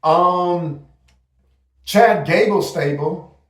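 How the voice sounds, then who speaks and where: A man's voice: high-pitched, drawn-out words, distant mic. A man hosting a casual wrestling recap livestream, ranting loosely with plenty of profanity. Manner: loose, profane, animated rants. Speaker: host. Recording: echoey room, voice off mic.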